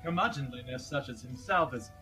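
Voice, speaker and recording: A man's voice: mid-range voice, a little fast, pushed and bright, soft background music. A man playing a tabletop game, wry and chatty, slipping into polite in-character talk. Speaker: player. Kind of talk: casual tabletop play.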